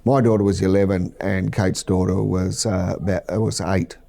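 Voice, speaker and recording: A middle-aged Australian man, a military veteran, recounting war memories in a measured, halting interview. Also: low-pitched, level tone, gravelly, mellow.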